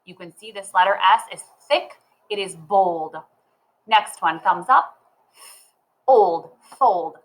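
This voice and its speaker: A woman teaching a children's phonics lesson, cheerful and slow, talking straight to the child. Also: mid-range voice, lively intonation, poor audio. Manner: cheerful, slow and sing-song, talks to the child. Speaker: reading teacher.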